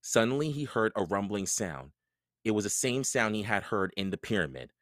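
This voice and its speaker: A man reading a children's book aloud, narrating in a slow, expressive storytelling way. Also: on the low side, no room sound, clean studio sound.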